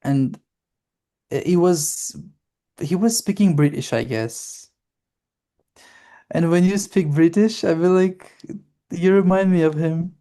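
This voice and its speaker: A woman's voice: fairly low pitch, slow pace, long pauses, mellow. A woman with an Armenian accent, a teacher co-hosting a casual podcast chat, teasing and playful, with many fillers. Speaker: podcast co-host, English teacher.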